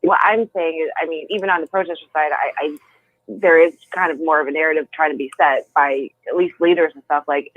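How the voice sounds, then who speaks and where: A man's voice: a little high, fairly even intonation, a little fast, no room sound. A man calling in as a guest, talking earnestly in a loose way with restarts. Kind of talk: casual conversational talk. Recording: tinny phone line.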